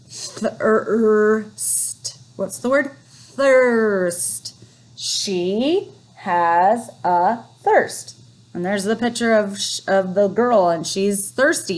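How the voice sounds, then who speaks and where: A woman teacher leading a phonics lesson for young children, reading words slowly and encouragingly. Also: medium pitch. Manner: slow, encouraging, drawn-out reading.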